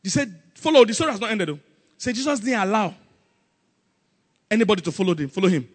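A man preaching a sermon, animated and calling out questions for the congregation to answer. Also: sits high, quick pace, long reverb tail. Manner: animated, call-and-response with congregation, acts out Bible scenes.

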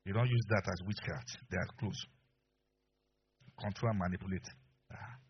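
A man preaching a sermon as pastor, telling stories with animated delivery and frequent laughter, on a dull lo-fi recording. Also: deep voice, normal speed, slightly rough. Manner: animated storyteller, acts out voices, laughs often.

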